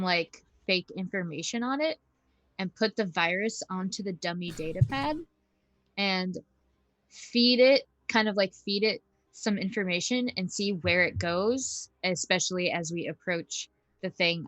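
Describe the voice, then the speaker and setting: A woman at a gaming table explains her plan, thinking aloud as she goes. Her voice is bright and recorded dry, close to the mic. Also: lowish voice, unhurried, dry recording. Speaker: player. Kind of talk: casual tabletop game talk.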